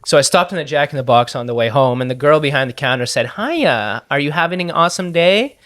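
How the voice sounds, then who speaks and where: A man performing a practice monologue as an annoyed, sardonic man telling a grim story in a dry, deadpan way. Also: fairly high pitch, quick pace.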